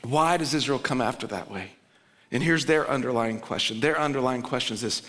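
Bright-voiced preacher in a reverberant hall. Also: male voice, a little fast. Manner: swings between loud urgent pleading and low quiet emphasis. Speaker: pastor. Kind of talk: sermon. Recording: long reverb of a large hall.

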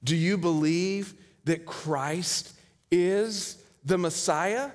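A man preaching a sermon with a high voice, telling a story. He swings between loud and hushed delivery. A long reverb hangs on his words, as in a church hall. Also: very slow. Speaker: pastor.

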